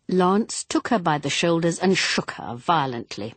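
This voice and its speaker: A woman narrates a mystery novel in a husky, fairly low voice. Her reading is measured but expressive, with pitch that moves a lot. The recording is dry and close. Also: no echo. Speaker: audiobook narrator.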